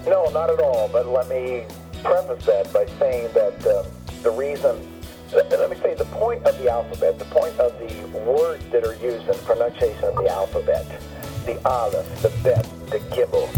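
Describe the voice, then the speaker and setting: A man on a radio phone-in patiently explaining the Hebrew alphabet, slowly repeating and spelling out each letter. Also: mid-range voice, expressive, dark tone. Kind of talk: patient spoken lesson on a radio call. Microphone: telephone. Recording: dull lo-fi phone line with faint music.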